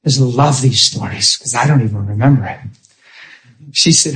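A man preaching a sermon, telling a personal testimony in an animated way, swinging from hushed to emphatic. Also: medium pitch, moderate pace.

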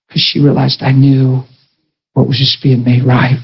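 A man's voice: medium pitch, completely flat delivery, moderate pace, creaky. A man preaching a sermon testimony, telling a story and acting out the dialogue, with emphatic rising peaks. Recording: dull lo-fi sound.

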